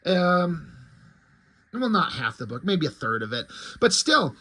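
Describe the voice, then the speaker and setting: A man with a notably high-pitched voice talks through a comic review in loose, unscripted fashion. He is blunt and opinionated, swears without a second thought, and wanders off into ums and side remarks. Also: very animated, measured pace, sharp tone. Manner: rambling, with frequent ums and trailing asides. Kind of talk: casual review talk.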